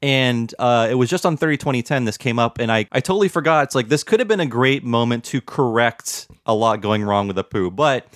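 A man's voice: medium pitch, fairly quick, few pauses, fairly bright tone, no room sound, clean studio sound. Easygoing man in podcast chat. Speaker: podcast co-host. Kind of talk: casual film discussion.

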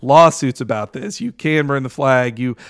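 A man's voice: mid-range voice, normal speed, no room sound, studio quality. A man co-hosting a podcast in casual chat, heated and ranting, swearing freely. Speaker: podcast co-host.

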